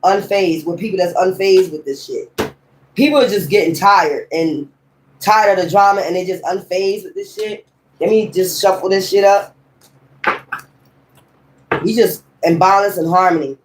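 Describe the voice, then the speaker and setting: A woman's voice: fairly low pitch, normal speed, long pauses, a little hiss or hum. Blunt, profane woman in her fifties. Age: 50s. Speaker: tarot reader. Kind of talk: tarot reading with ranting commentary.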